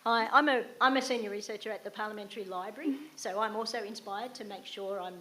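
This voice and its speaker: A woman in the audience introduces herself as a researcher, then asks her question in an articulate, lightly amused way. Her voice is bright, at a middling pitch. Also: quick pace, slight background noise.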